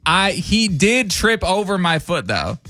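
A man in his thirties tells a story in a loose, chatty way, laughing as he goes and acting out the voices of the people in it. His voice is bright and ranges widely in pitch. Soft music plays faintly behind him. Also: big pitch swings, unhurried. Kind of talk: casual storytelling chat.

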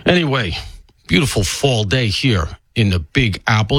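Chatty, animated man hosting talk radio. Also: fairly low pitch, a little slow, no echo. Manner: chatty, self-deprecating, riffing with jokes and asides. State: congested with allergies. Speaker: fill-in radio talk show host. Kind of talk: casual talk radio monologue.

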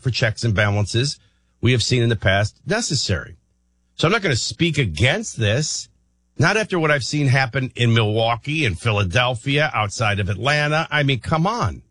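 A man hosting a morning talk radio show, rambling and thinking out loud with many restarts. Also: medium pitch, dry recording.

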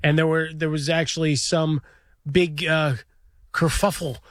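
A man's voice: a little high, fairly even intonation, measured pace, dry recording. A man co-hosting a sports radio show from a studio, talking in a wry, opinionated way full of idioms. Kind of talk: casual radio banter.

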